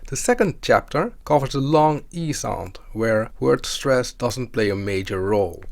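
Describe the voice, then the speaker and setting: A man delivers a scripted language lesson, explaining each point deliberately. His voice carries a gravelly edge, and the recording sounds dry and close. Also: medium pitch, no echo. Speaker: language teacher.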